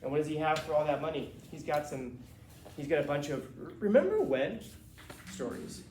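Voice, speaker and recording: A male teacher lectures his class in a loose, slangy way, bouncing into little acted-out quotes as he goes. His voice sits a bit high for a man. The echoey classroom carries a faint hum behind him. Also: normal speed. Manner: animated, casual and slangy, acting out quotes.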